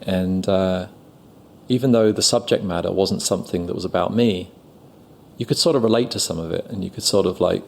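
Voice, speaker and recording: A man's voice: low voice, fairly quick, vocal fry, darkish tone. A middle-aged man with a London accent, a guest actor chatting in an interview, self-deprecating and full of fillers. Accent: London English. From England. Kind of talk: casual interview storytelling.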